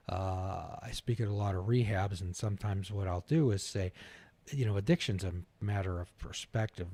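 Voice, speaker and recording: Low-voiced man hosting a talk show. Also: darkish tone, no echo. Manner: folksy storyteller acting out little scenes. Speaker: host. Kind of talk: live talk show conversation.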